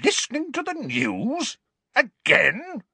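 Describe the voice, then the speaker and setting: A man playing a furious, bullying middle-aged uncle who snarls and croaks with rage. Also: medium pitch, huge pitch swings, a little slow, fairly bright tone, no echo, voice pushed up, heavily acted. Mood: indignant.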